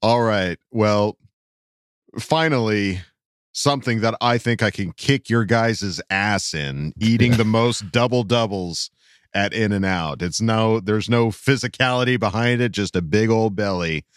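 A man's voice: fairly low pitch, measured pace, smooth, no room sound, clean studio sound. A man hosting a casual sports podcast, reading out listener questions and laughing often.

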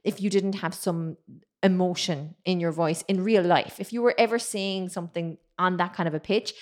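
A woman singing coach who explains vocal technique, then sings vowel drills to demonstrate. She teaches with lively enthusiasm. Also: on the low side, brisk. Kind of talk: vocal lesson with sung demonstrations.

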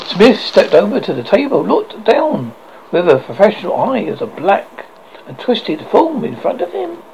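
High, creaky man reading horror aloud. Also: wildly swooping pitch, moderate pace, darkish tone, lo-fi sound, slight background noise. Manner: dramatic reading with frequent stumbles and restarts. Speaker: horror host narrator.

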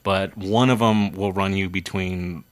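A man's voice: low voice, fairly even intonation, measured pace, clear, resonant tone. A young adult man, a podcast guest, talking earnestly and rambling with many fillers. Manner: earnest, rambling, full of "you know". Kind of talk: casual chat.

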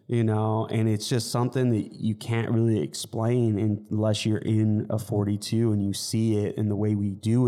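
A man, a fitness coach, chats on a podcast in an earnest, rambling way full of restarts. His voice sits low and stays fairly flat. The tone is mellow and soft-edged. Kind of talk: casual podcast chat.

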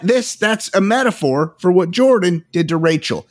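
Animated storytelling man, podcast co-host. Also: high-pitched, normal speed, few pauses. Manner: animated storyteller, acts out quotes. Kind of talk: casual chat.

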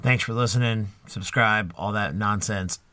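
A man's voice: fairly low pitch, normal speed, pushed and bright, dry recording. A man in his thirties hosting a podcast, rambling and joking with friends and swearing freely. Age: 30s. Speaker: podcast host. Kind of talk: casual podcast chat.

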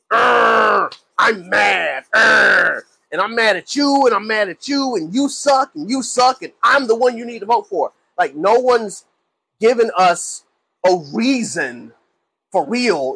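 A man's voice: sits high, a bit bright, slightly rough, no echo, low-quality recording. A man hosting a faith talk show, talking casually and preaching, often repeating himself and acting out angry people. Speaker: host.

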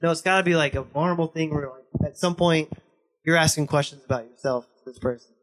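Young guy talking kinda high, blunt and pushy, swears a lot, just chatting with his buddy. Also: quick pace, fairly bright tone. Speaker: podcast guest, host's best friend. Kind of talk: casual chat.

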